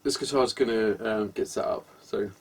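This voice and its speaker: A man with a fairly low, slightly rough voice sets up a guitar in an indoor workshop, offering casual, wry commentary at a moderate pace. He hesitates often and sounds exasperated, and the audio comes from a camera microphone.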